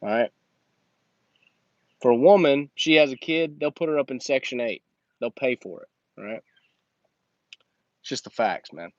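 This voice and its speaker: A man's voice: medium pitch, expressive, normal speed, pauses often. A man delivers a blunt, emphatic motivational talk in a mid-range voice, preaching straight at his listener like a coach. The sound is dry, with no room echo. The recording is dull and lo-fi. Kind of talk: motivational monologue.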